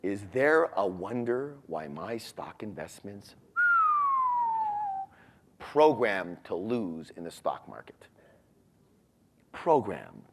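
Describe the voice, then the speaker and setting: Man, seminar speaker, lively swinging pitch, quizzes the audience, live room. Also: slow pace, pauses often, a little hiss or hum. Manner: animated, asks the audience questions. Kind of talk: motivational seminar talk.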